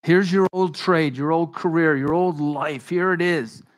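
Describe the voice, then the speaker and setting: A man preaching a sermon in a conversational, animated way, acting out the dialogue of Bible figures. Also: a little high, a little slow. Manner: conversational with frequent restarts and asides. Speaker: pastor.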